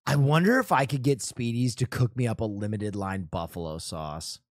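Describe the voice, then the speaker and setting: A man's voice: lowish voice, normal speed, no room sound, clean studio sound. A young man from New Jersey reacting to a show in casual chat, loose and profane, laughing and rambling.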